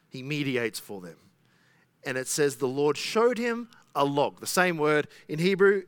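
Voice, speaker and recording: A man's voice: a little high, a bit bright, no room sound. A pastor preaching an expository sermon in a conversational way, often asking his listeners rhetorical questions.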